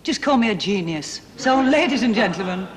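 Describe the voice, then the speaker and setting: A woman, hosting a TV variety show and trading quick one-liners with a laugh in her voice. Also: mid-range voice, animated. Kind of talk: comic banter on a TV variety show. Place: TV studio with live audience. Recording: echoey studio with loud audience noise.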